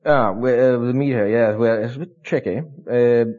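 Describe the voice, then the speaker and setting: An actor playing a pompous, self-aggrandizing scholar in a mock arts interview, drawling through hesitant, gossipy asides. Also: male voice, mid-range voice, moderate pace, lightly acted. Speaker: interview guest. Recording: husky voice on a dull lo-fi recording.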